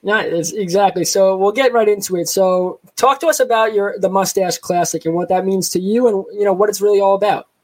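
Guy co-hosting a sports podcast, high voice, joking around. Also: low-quality recording. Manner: joking, fast-talking. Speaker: podcast co-host. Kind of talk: casual chat.

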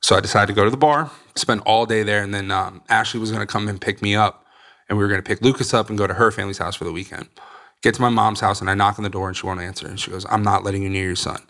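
A man's voice: fairly low pitch, steady tone, racing, pushed and bright. A young man, a podcast guest, candidly telling his recovery story in a blunt, swearing way and acting out the people he quotes.

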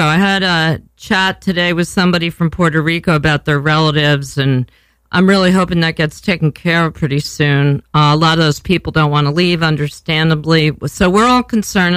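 A woman's voice: on the low side, a bit bright, no echo. An older woman hosting a chat show, casual and rambling, cursing freely and poking fun at herself. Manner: rambling, profane, self-deprecating. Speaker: podcast host.

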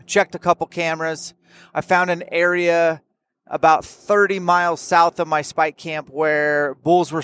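A man's voice: fairly high pitch, fairly bright tone, clear, resonant tone. A young man, a hunting vlogger, tells about his trip in frank, plain-spoken, laid-back casual storytelling.

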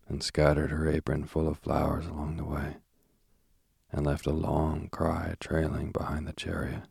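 A man reading a storybook aloud in a measured, even way. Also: extremely low pitch, creaky, husky, no echo, studio quality. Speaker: narrator.

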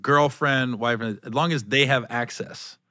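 A man telling stories in a casual chat, acting out quoted lines in high put-on voices. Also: unhurried, sharp tone, no echo, clean studio sound.

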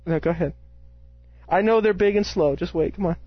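A man's voice: high-pitched, fairly quick, slightly rough, dry recording, lo-fi sound. A man co-hosting a casual podcast from a small room at home, joking and giggling, sometimes reading items in a put-on announcer voice. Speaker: podcast co-host. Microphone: home mic with pillowcase tied over mouth.

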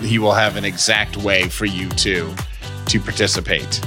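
A man's voice: lowish voice, fairly even intonation, normal speed, music in the background. A man co-hosting a podcast, chatting casually and reading an ad in an upbeat, conversational way. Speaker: podcast co-host. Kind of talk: casual chat and read ad.

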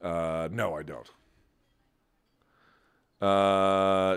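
A man hosting a podcast, telling stories and chatting casually with a rambling, profane, animated delivery. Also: fairly low pitch, normal speed. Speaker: podcast host. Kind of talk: casual chat and storytelling.

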